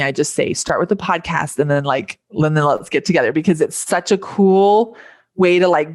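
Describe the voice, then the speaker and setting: Woman guest, low register, dry close mic, earnest rambling coach talk. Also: no echo. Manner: earnest, thinking aloud with many fillers. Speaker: podcast guest, life coach. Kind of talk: casual conversational interview.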